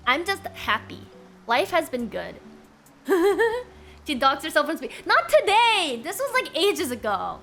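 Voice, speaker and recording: Young female streamer, high and bubbly, chats with her viewers. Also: fairly bright tone. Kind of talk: casual live-stream chat.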